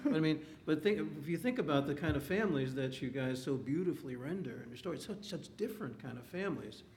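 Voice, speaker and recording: Halting, self-deprecating male moderator. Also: a little high, lively intonation, a little mellow, a little hiss or hum. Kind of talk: interview questions.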